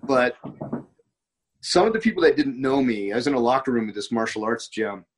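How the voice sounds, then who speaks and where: A man's voice: mid-range voice, lively intonation, a little fast, husky, rough recording. An American man in casual conversation, telling rambling anecdotes full of quoted dialogue and restarts. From United States.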